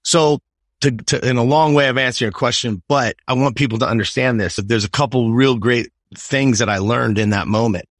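A man in his fifties tells a personal story as an interview guest. He speaks in an emphatic, swearing way at a mid-range pitch, and the recording is dry and close. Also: brisk, dry recording. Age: 50s. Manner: emphatic and profane, keeps asking "right?". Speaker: podcast guest.

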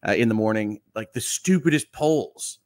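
A man's voice: fairly low pitch, expressive, moderate pace, a little mellow. A man from Michigan hosting a casual morning livestream, chatty and reading viewer comments aloud with quips. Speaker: livestream host.

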